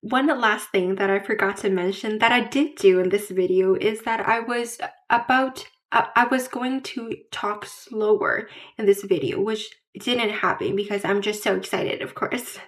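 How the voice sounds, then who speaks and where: A woman vlogger speaks candidly to her camera in a mid-pitched voice. Her talk is halting, with repeated words and restarts as she hunts for the right phrase. She fills every gap with "like". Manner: fills pauses with frequent "like"; searches for words mid-sentence. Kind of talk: candid casual vlog to camera.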